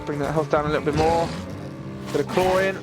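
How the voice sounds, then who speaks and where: A young British man casually commenting while he plays a game, chatty and excitable, often laughing. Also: fairly high pitch, brisk, over music. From Britain. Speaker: streamer.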